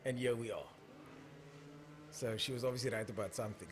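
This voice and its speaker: Over soft background music, the same young South African host calls drag races and chats with viewers' comments on his casual live stream. He speaks at medium pitch, expressively and a little fast.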